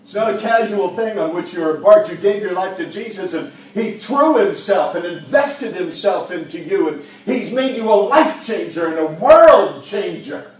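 A man preaching a sermon with fervor, rising from quiet talk to shouts and calling on the church to answer him. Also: sits high, lively intonation, normal speed, hardly any pauses. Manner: impassioned, swings from quiet talk to shouting, calls out to the congregation. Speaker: pastor. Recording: echoey church sound from a distant mic, faint hiss.

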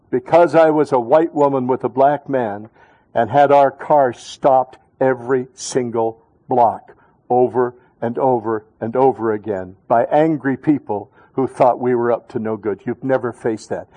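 A male pastor preaching a sermon in a church, his voice sitting a little higher than most men's. He drops to hushed, earnest tones and then builds to rousing calls for the congregation to repeat after him. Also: poor audio. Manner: earnest, swings between hushed and rousing call-and-response. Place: church sanctuary.

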